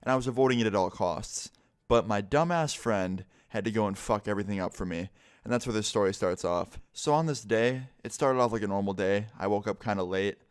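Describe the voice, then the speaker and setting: A young man casually telling a personal story for his vlog, relaxed and heavy on swearing, getting animated when he quotes people. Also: fairly low pitch, a little fast, clear, resonant tone. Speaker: vlogger telling stories.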